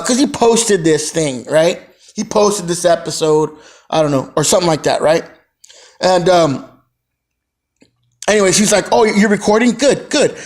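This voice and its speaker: A man casually retelling a story, rambling and peppering his talk with "you know" and "right?". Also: high-pitched.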